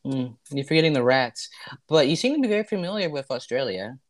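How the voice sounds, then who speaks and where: A man's voice: mid-range voice, expressive, a little fast, a little hiss or hum. Playful mock-formal male co-host. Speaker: podcast co-host. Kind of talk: casual comedic banter.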